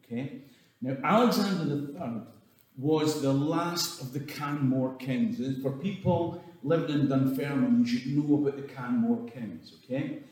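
A man's voice: mid-range voice, a little slow, darkish tone. A Scottish man giving an irreverent comic history talk, swearing and chuckling through his asides. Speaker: storyteller. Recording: echoey hall from far off.

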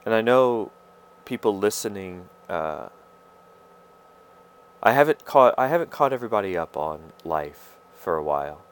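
Low-ish guy rambling on his podcast, lots of uhs and restarts, kinda confessional. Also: expressive, clear, resonant tone. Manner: halting, many fillers and restarts, confessional. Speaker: podcast host. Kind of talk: rambling personal monologue.

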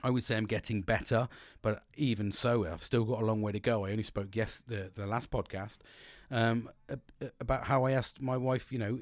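A man's voice: fairly low pitch, steady tone, brisk, no echo. Blunt sweary man, dry close mic. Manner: blunt and sweary, restarts often, laughs at himself. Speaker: podcast host. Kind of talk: candid self-help monologue.

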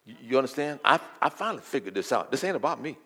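An older man preaching a sermon as a guest, telling folksy stories and building from quiet talk to loud declarations. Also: big pitch swings, quick pace, breathy edge. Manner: folksy, swells from low murmur to loud preaching. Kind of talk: sermon with storytelling.

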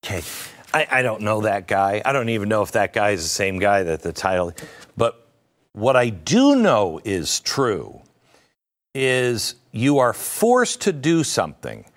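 A middle-aged male talk show host in a sardonic monologue. He talks slowly, with a lively, wide-ranging pitch, and drops into self-mocking asides.

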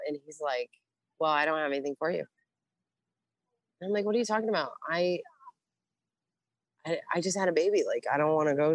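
A woman's voice: low-pitched, dry recording. A middle-aged woman, a Navy veteran guest, telling blunt, profane stories in a casual interview and acting out what others said. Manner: profane, blunt, animated with quoted voices. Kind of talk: casual storytelling.

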